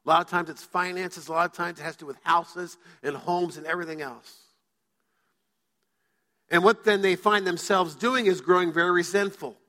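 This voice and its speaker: A man's voice: high-pitched, pushed and bright. A male pastor preaching a sermon to his church, telling stories and acting out quoted voices. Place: church sanctuary. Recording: church hall reverb.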